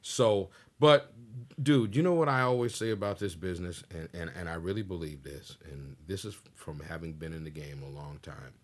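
A man in his sixties from the Pacific Northwest, a stand-up comedian, tells an animated, slangy story during a casual interview and acts out the dialogue. His voice sits low, and he talks at a normal speed.

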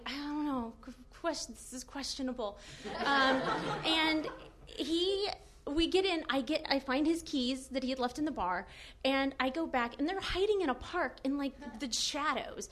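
A young woman with a high voice tells a story from her own life, animated and loose. She laughs often and keeps dropping "like" between her words. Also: a little hiss or hum. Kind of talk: casual personal storytelling.

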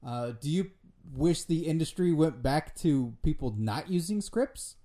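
A man's voice: fairly high pitch, animated, a little slow, warm tone. A man interviewing a comedic guest, playing it straight and laughing often.

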